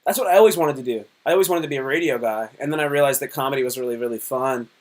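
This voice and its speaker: A man in his thirties hosting a live stream, chatting casually and telling lively stories with many fillers. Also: mid-range voice, racing. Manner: animated storyteller, many fillers. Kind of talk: casual chat.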